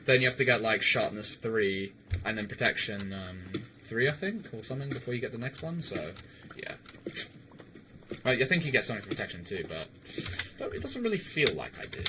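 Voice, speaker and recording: A man's voice: on the low side, very animated, brisk, background noise. A young man streaming a game, chatting casually with viewers and rambling, stammering and swearing. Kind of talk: casual livestream chat while gaming.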